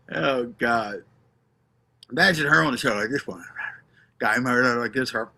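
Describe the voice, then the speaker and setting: A man's voice: mid-range voice, vocal fry, pushed and bright. A man hosting a live stream, ranting casually, swearing constantly and reading out names from the chat.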